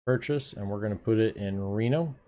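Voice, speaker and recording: A man's voice: on the low side, fairly quick, warm tone, slight background noise. A man streaming a game, chatting casually to his viewers, laid-back and swearing now and then. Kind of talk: casual live gameplay commentary.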